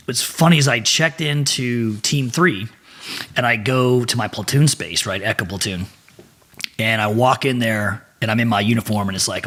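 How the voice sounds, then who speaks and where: Husky, animated storytelling man. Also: fairly low pitch. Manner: animated, profane, acts out quotes. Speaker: podcast guest. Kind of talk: casual storytelling chat.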